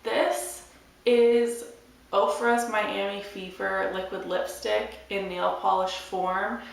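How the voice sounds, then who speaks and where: A young woman chatting to camera about her monthly favourites, hoarse and losing her voice, rambling in a relaxed way. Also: medium pitch, takes it slowly. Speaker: beauty vlogger. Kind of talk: casual chat to camera. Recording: echoey room, mic at a distance.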